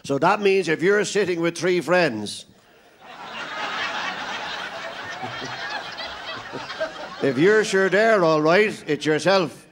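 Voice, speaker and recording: A man's voice: high-pitched, measured pace, few pauses, background noise. Irish man telling stand-up jokes. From Ireland. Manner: rambling joke teller, playing all the characters himself. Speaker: stand-up comedian.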